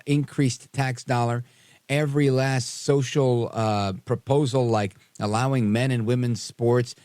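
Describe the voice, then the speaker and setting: A man's voice: mid-range voice, a little mellow, no room sound. A man hosting a live talk radio show, casual and sarcastic with frequent fillers, in a studio.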